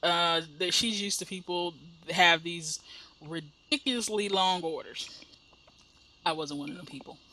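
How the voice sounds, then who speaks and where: A Midwestern American woman with a lowish, bright and forceful voice chats at a measured pace while playing a life-sim game. She rambles as she narrates her gameplay and acts out the people in her stories. The audio is poor.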